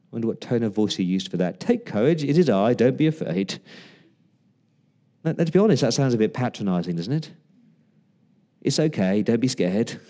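A man's voice: mid-range voice, mellow. A man preaching a sermon in a conversational way, asking the listeners questions and acting out quoted lines. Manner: conversational preaching with rhetorical questions and dramatic pauses; acts out quoted lines in varied voices. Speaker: pastor.

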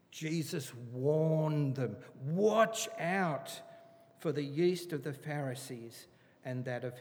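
A man teaching through a Bible passage in an animated, emphatic, chatty way. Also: mid-range voice. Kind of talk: conversational Bible study sermon. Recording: reverberant hall.

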